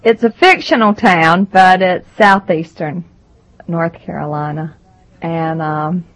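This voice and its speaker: A woman with a Southern American accent answers questions about her writing. She speaks slowly, in a fairly low voice. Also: poor audio. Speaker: author. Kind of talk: interview answers.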